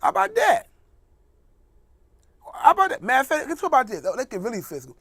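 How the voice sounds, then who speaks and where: A man talking in a loose, rambling comic monologue, his pitch swooping up and down as he jokes and mocks. He laughs often, and his voice sounds close and dry with no room echo. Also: wildly swooping pitch, quick pace, fairly bright tone. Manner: joking, mocking, laughs often. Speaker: host. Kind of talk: casual comedic monologue.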